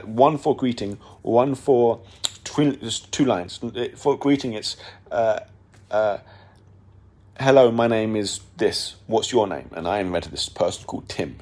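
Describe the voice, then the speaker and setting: A man's voice: lowish voice, darkish tone. Rambling young man. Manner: rambling, many fillers and restarts. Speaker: podcast host. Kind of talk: casual monologue.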